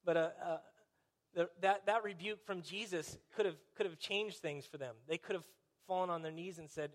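A man's voice: sits high, normal speed. A man preaching a conversational sermon, dropping in wry, sarcastic asides.

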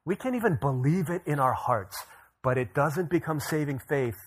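A man's voice: on the high side, animated, normal speed, husky. A man in his thirties preaching a sermon in a conversational, storytelling way. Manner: conversational storytelling, frequent fillers and restarts. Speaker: pastor. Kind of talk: sermon with personal anecdote.

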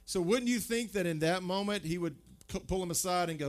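A man's voice: high-pitched, fairly quick, few pauses. Man preaching a conversational sermon. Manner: conversational, emphatic preaching with rhetorical questions. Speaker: pastor.

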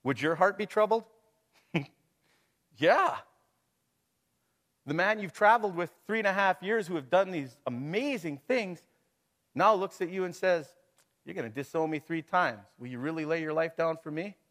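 A man's voice: fairly high pitch, lively intonation, normal speed, pauses often, a bit bright. A middle-aged man preaching a sermon to his congregation, talking it through casually, with rhetorical questions and chuckles. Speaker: pastor.

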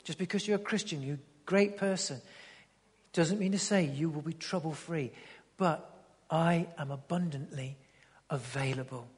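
A man preaching a sermon with passion, swinging from loud urging to hushed tones and repeating words as he builds each point. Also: fairly high pitch, normal speed, slightly rough. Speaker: pastor. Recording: long hall reverb.

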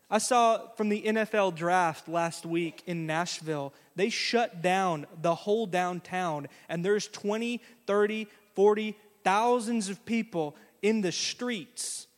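High-voiced preacher in a reverberant hall. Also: male voice, measured pace. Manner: lively, folksy, conversational preaching with acted-out quotes. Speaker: pastor. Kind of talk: sermon.

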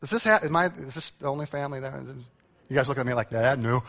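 A man's voice: mid-range voice, fast, fairly bright tone. A middle-aged man preaching a humorous sermon, telling family stories with acted-out quotes and self-mocking jokes. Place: large church hall. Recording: church hall with long reverb.

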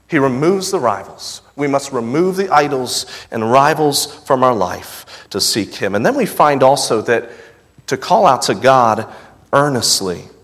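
A young man preaching a sermon, moving between loud, emphatic scripture reading and soft, intimate asides. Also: mid-range voice. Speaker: pastor. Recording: long reverb of a large hall.

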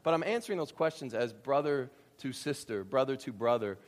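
A pastor with a brisk, expressive, mid-range voice handles a live Q and A and sermon in his church sanctuary. He keeps it casual, joking around and slipping in sarcastic remarks.

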